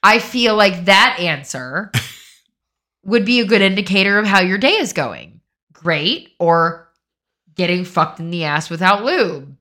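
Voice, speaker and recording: A woman's voice: mid-range voice, expressive, unhurried, pushed and bright. A middle-aged woman talking casually with a nasal, stuffy voice after crying, blunt and wry. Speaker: podcast co-host. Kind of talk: casual couple's chat.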